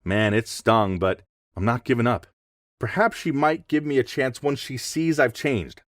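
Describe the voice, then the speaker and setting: Young guy telling a story, reflective, lively pitch, dry close sound. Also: measured pace, no room sound. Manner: reflective, expressive first-person telling. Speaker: narrator. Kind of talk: story narration.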